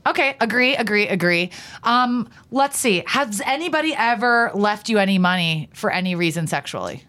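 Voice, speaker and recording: A married woman in her thirties co-hosts a podcast in a teasing, playful tone, peppering her speech with filler words. Her pitch rises and falls in a lively way. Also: normal speed. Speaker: podcast co-host. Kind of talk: casual chat.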